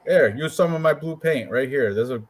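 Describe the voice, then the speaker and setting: A man co-hosting a casual show about fight predictions, joking and animated as he talks through his picks. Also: a little high, fairly quick. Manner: joking, animated, puts on quoted voices. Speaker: co-host picking fights. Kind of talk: casual chat.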